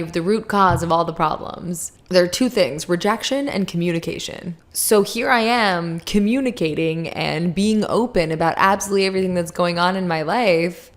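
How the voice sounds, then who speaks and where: A young adult woman hosting her own podcast, talking candidly and rambling through her thoughts with frequent laughs, her mouth dry around a lozenge. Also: on the low side. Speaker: podcast host. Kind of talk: confessional solo podcast.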